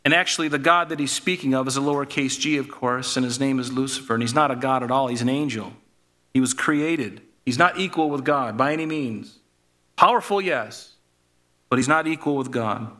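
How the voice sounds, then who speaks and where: A man's voice: medium pitch, a little fast, bright, forceful tone. A man preaching a sermon, reading scripture aloud and then explaining it conversationally, calling the listeners folks and asking them questions. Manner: addresses the listeners as folks, asks rhetorical questions.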